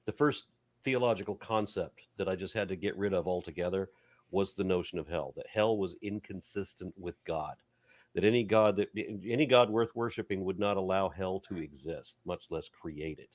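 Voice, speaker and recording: A man's voice: low voice, normal speed, dry recording. A man hosting a casual panel chat and reading out viewer comments with a chuckle. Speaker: host.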